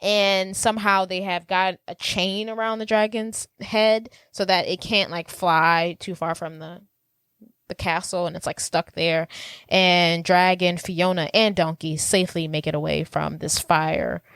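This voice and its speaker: A woman's voice: fairly low pitch, measured pace, gravelly, fairly bright tone, smooth, dry recording. A woman co-hosting a podcast, casually retelling a movie plot and quoting lines in character. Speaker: podcast co-host. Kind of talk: casual movie recap chat.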